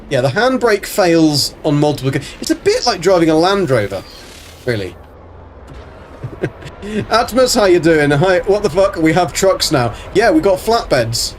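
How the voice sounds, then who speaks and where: A man's voice: on the high side, sing-song, measured pace, pauses often, slight background noise. A man casually commentating a game on a live stream, chatting to viewers, swearing freely and greeting them by name. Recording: faint background music.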